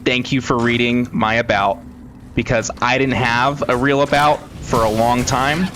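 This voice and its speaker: A man from Florida chats on a game stream in a bright, clear-toned voice, rambling and poking fun at himself. He often trails off mid-sentence. Faint background noise sits under the talk. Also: mid-range voice, fairly even intonation, measured pace. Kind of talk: casual chat while gaming.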